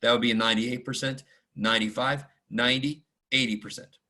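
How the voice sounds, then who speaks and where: A man's voice: mid-range voice, fairly even intonation, fairly quick, pushed and bright, slight background noise. Casual man teaching stats over video call. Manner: informal, self-deprecating, mutters asides and mild curses. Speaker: math instructor. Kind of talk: casual online lecture. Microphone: video call mic.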